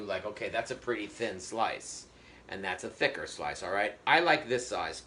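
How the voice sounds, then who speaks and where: A man with a sharp-toned, mid-range voice runs a live cooking class online, explaining each step chattily with jokes and plenty of filler words. The sound comes through a video-call webcam in an echoey room, carrying a faint hiss or hum.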